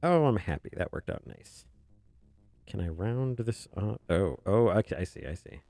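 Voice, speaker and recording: A man's voice: on the low side, very animated, normal speed, vocal fry, dry recording. A man casually chatting on a drawing stream, rambling, chuckling and muttering to himself as he works. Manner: rambling, chuckling, muttering softly while working. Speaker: webcomic artist streaming. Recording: faint music behind.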